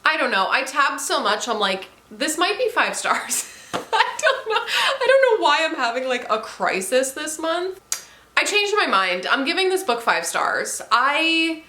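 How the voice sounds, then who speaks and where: Bright, gushing woman in an echoey room. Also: on the high side. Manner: gushing and candid, swears freely. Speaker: book reviewer. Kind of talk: casual book review vlog.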